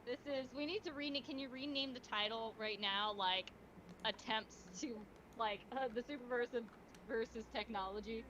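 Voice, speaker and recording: A woman's voice: a little high, normal speed, fairly bright tone, slight background noise. A woman on a casual livestream, rambling and self-deprecating about her computer trouble. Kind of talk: casual group chat on a livestream.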